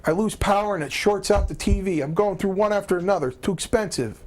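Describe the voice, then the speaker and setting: A man doing a gruff older wrestling veteran with a raised pitch. He talks in halting, puzzled bursts, hesitating often. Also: a little mellow.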